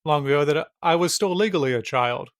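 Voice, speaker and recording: A man co-hosting a casual film podcast, often pausing on filler words and restarting his sentences. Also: fairly high pitch, no room sound, clean studio sound. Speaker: podcast co-host.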